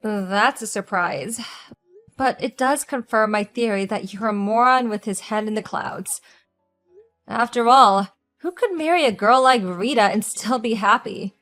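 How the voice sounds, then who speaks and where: A woman playing a divorced wife with a fairly high voice and a cutting, sarcastic way of talking to her ex. She sounds mocking and unimpressed, with faint music playing behind her in this audio drama. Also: a little slow, a bit bright.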